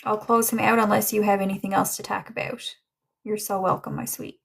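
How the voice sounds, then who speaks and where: A young woman giving a casual livestream psychic reading, chatty and gentle as she relays messages. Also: mid-range voice, little pitch movement, a little fast, creaky, slightly rough. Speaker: psychic medium.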